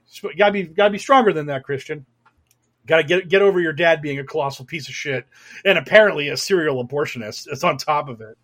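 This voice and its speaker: High-voiced sarcastic man ranting. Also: quick pace, fairly bright tone. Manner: sarcastic, swearing, stammers and restarts, swings to angry outbursts. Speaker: podcast host. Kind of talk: casual political podcast rant.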